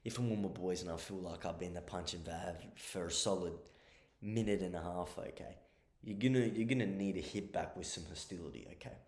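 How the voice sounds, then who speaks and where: A man talks through casual advice in a low voice, blunt and sweary, checking in with the listener over and over. The sound has a roomy echo around it. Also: fairly quick, a little mellow. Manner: blunt and profane, keeps checking in with "okay?". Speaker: advice vlogger.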